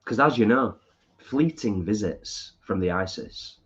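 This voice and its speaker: A man's voice: lowish voice, expressive, a little slow, dull audio. A man with a northern English accent co-hosting a casual live stream from his lounge, reading viewer comments aloud and answering them. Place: home lounge.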